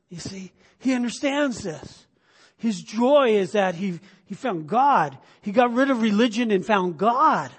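A man's voice: high voice, expressive, normal speed, husky. A middle-aged male pastor preaching a conversational sermon, full of restarts and sudden bursts of emphasis. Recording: long hall reverb.

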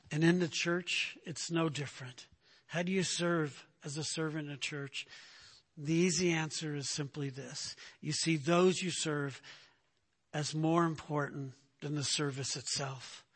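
Male pastor, bright, tenor-ish preaching voice, emphatic and conversational. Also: fairly high pitch, slightly rough. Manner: emphatic, repeats "right?" to the congregation. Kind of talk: sermon.

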